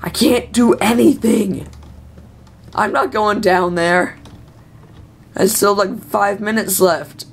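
A woman's voice: mid-range voice, fairly even intonation, slow pace, creaky, pauses often. A young woman doing nervous, self-talking commentary while playing a horror game. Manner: nervous, talks to herself and the game. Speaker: gamer.

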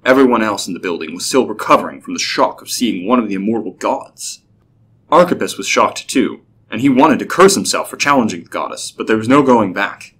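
A man narrating a scripted story in a steady, even way. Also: fairly low pitch, fairly quick, slight background noise.

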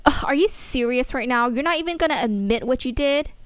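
A woman's voice: high-pitched, fairly quick, smooth, no room sound, close to an everyday voice. A woman voicing a whiny, exasperated teenage schoolgirl. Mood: angry. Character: upset teenage schoolgirl, story's main girl.

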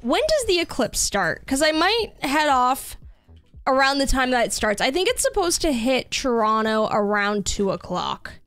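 A woman's voice: high voice, big pitch swings, moderate pace, a bit bright, dry recording, soft background music. A young woman streaming a building game, chatting casually and upbeat with lots of fillers. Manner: chatty and upbeat, many fillers, reads chat aloud. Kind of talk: casual live-stream chat.

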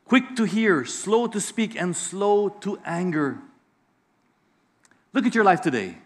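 Pastor, middle-aged male, high voice, animated preaching with acted-out voices. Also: slow pace. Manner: lively preacher, acts out voices in anecdotes. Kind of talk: sermon.

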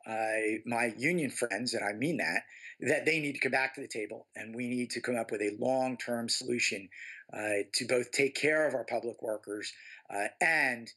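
A man giving an interview soundbite as a politician, halting and full of fillers. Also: mid-range voice, pushed and bright.

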